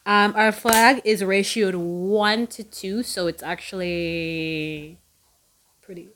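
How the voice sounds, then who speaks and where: A woman's voice: mid-range voice, takes it slowly, fairly bright tone, a little hiss or hum. A young woman co-hosting a podcast, upbeat, presenting fun facts with hesitant fillers. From Jamaica. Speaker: podcast co-host. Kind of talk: casual chat.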